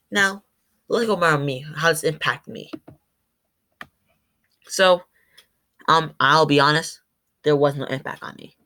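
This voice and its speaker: A young male student talks through his class presentation in a bright, fairly high voice. He rambles informally and keeps restarting his sentences. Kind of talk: school presentation.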